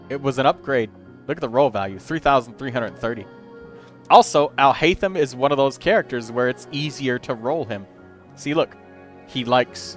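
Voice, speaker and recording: Going over viewers' characters on his game livestream, this host keeps the commentary casual and talkative, counting numbers as he thinks out loud. He has a mid-range voice.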